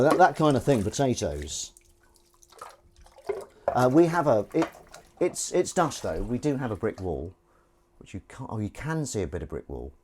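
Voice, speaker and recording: A Southern English man hosts a casual livestream from his kitchen sink, rambling and joking as he reads out viewer messages. His pitch jumps around animatedly from phrase to phrase. Faint kitchen noise sits quietly under his voice. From England. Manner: rambling, jokey, reads chat aloud. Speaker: livestream host. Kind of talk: casual chat while washing dishes. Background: running water and clinking dishes.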